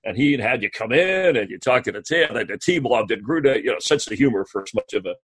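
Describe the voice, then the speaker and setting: Brief: relaxed man hosting a podcast, husky mid voice. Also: mid-range voice, fast talker. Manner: easygoing, laughs along. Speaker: podcast host. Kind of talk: casual interview chat.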